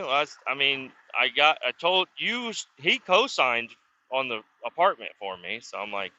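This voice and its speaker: In a muffled recording with no echo, a man with a medium-pitched, sharp voice speaks at normal speed with big pitch swings. He's a vlogger in his car as it's driven, casually rambling through profane stories about his past and chuckling occasionally.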